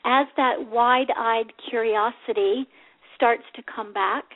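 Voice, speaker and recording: A woman hosting a reflective spiritual talk show, speaking gently and unhurriedly with many pauses over a phone call. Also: on the high side. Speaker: spiritual radio show host. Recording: tinny phone line.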